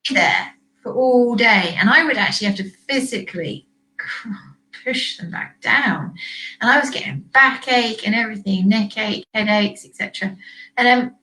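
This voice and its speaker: A woman vet hosting a casual discussion, animated and acting out owners and herself in quick quoted asides. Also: on the high side, low-quality recording. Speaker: vet and podcast host.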